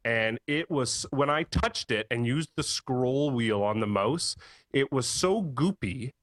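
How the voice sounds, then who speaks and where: A man, hosting a late-night tech podcast, telling a story in a casual, animated way with frequent laughs. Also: medium pitch, slow pace, no echo. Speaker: podcast host, computer repair tech.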